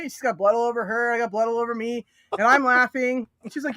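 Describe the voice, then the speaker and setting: Stream host: woman, animated pitch, laughs a lot, dry close mic. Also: brisk, no room sound. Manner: laughs often, acts out quoted voices. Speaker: livestream host. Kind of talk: casual storytelling chat.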